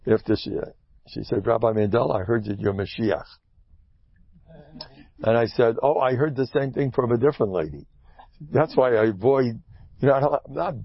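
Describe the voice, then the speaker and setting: Older male rabbi, husky voice, animated preaching with sudden loud outbursts, dull dry lo-fi recording. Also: dry recording. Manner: animated, swings to loud high exclamations and hushed asides. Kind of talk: lively Torah talk with jokes.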